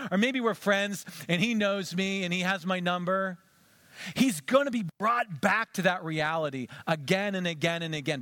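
A male pastor giving an animated sermon, acting out conversations with a volunteer on stage. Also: high voice, dry recording.

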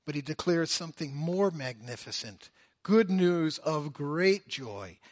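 A man preaching a sermon, swinging between loud, drawn-out emphasis and hushed, low phrases. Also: no room sound, studio quality. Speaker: pastor.

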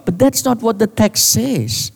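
Man, pastor, sermon, slightly high voice, slow deliberate delivery, emphatic on key words, long hall reverb. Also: animated, gravelly, breathy edge.

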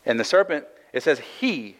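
A man's voice: fairly high pitch, very animated, moderate pace, a bit bright, poor audio. A man preaching and teaching through a Bible passage in a conversational sermon, reading verses aloud and explaining them with frequent "right?" asides. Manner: reads scripture aloud then explains it. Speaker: pastor.

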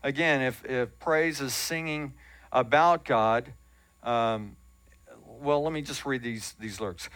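A man's voice: medium pitch, slow pace, fairly bright tone, dry recording. A man preaching a sermon as pastor, talking in an earnest, conversational way with self-deprecating asides. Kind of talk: sermon teaching. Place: church sanctuary.

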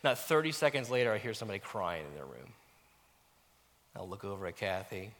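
A middle-aged man preaching a sermon as a pastor, animated and self-mocking, dropping to near-whispers at times. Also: on the low side, a little fast. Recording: long reverb of a church hall.

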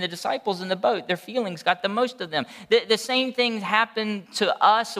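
A man's voice: on the high side, pushed and bright, in a large hall. A man preaching a sermon as pastor, impassioned, often restarting his words.

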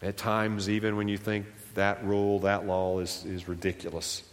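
An American man with a slight Southern drawl, a pastor preaching a sermon in a conversational, animated way that swings up and down. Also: lowish voice, normal speed. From United States. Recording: long reverb of a church hall.

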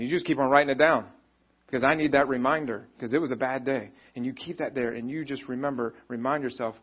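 A man's voice: mid-range voice, fairly even intonation, brisk, slightly rough, highs cut off. A man pastor giving a conversational, encouraging sermon, often acting out what people think and say. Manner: conversational, encouraging, acts out quoted thoughts.

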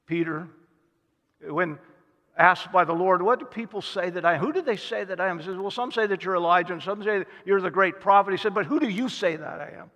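Male pastor preaching, high voice, storytelling, acts out quotes, long echo of a church hall. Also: brisk, fairly bright tone. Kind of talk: sermon.

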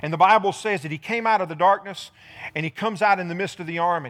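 A man preaching a sermon to a church congregation, retelling a Bible story and speaking David's words in first person with animated delivery. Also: sits high. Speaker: pastor.

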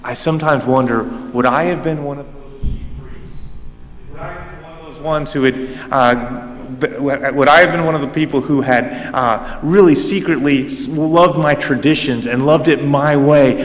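A man preaching a sermon in a church, animated and emphatic, with frequent restarts, speaking into a microphone. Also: mid-range voice, moderate pace, in a large hall. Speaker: pastor. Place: church sanctuary. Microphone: handheld or stand microphone.

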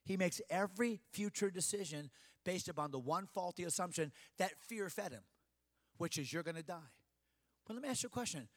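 A man's voice: high voice, lively intonation, a little fast. A man preaching a sermon, building emphasis and acting out quoted voices. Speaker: pastor.

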